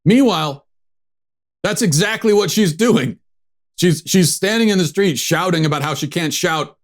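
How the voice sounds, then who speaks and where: A man's voice: sits high, moderate pace. A man hosting a show, giving sarcastic, mocking political commentary. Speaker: host.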